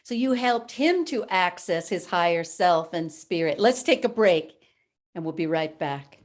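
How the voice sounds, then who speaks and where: A woman hosting an interview podcast, asking probing questions in a warm way. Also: lowish voice, animated, a little slow. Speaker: podcast host.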